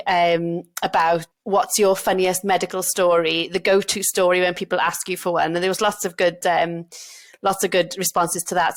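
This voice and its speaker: A woman doctor with a Welsh accent, telling funny work stories in a casual podcast chat. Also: fairly low pitch. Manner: chatty, laughs through her stories.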